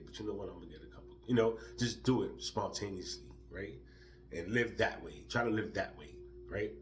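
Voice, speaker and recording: A man's voice: lowish voice, fairly bright tone, slight background noise. A man talking casually to his viewers about living spontaneously, loose and profane, laughing often as he talks. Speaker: vlogger. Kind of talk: casual spiritual monologue.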